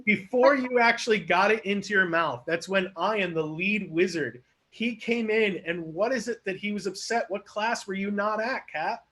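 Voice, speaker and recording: Guy hosting an online improv show, animated storytelling, high voice. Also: moderate pace. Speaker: host narrating an improv show. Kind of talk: improv narration.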